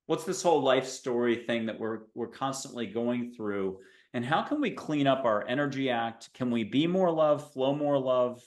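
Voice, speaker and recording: A man's voice: medium pitch, normal speed, few pauses. A man hosting a spiritual talk show, enthusiastic and rambling, with playful wordplay. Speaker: host. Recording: roomy echo.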